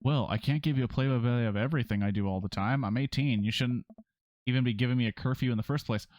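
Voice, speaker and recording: A sullen, defiant eighteen-year-old daughter, as a man reads her lines from a story game. The delivery is flat and dismissive at a middle pitch, and the recording is dry and close. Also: fast, no echo, lightly acted. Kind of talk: reading game dialogue aloud.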